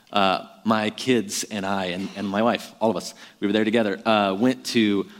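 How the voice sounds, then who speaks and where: A man's voice: on the low side, in a large hall. A man in his thirties, a pastor preaching a sermon in a conversational, self-deprecating way with many fillers.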